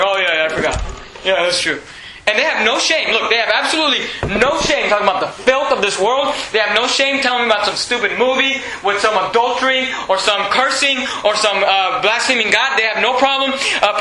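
A man preaching a sermon, emphatic, with bursts of loud, bold delivery. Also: high-pitched. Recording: echoey room, faint hum.

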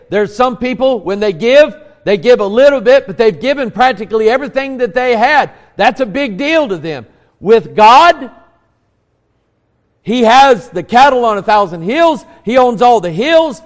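A man preaching a sermon to a congregation, building to emphatic peaks and dropping to quiet, earnest prayer. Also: high-pitched, in a large hall. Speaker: pastor. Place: church sanctuary.

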